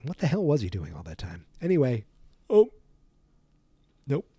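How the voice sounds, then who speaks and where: A man hosts a podcast and casually retells a film from memory, rambling, correcting himself and yawning. His voice has a mellow, dark tone, recorded close and dry. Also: medium pitch, huge pitch swings, normal speed, husky, no echo. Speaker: podcast host.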